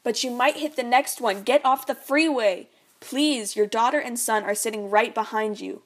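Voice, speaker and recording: A woman's voice: on the high side, moderate pace, lightly acted. Give me a frantic mother pleading urgently, read by a woman narrating her story.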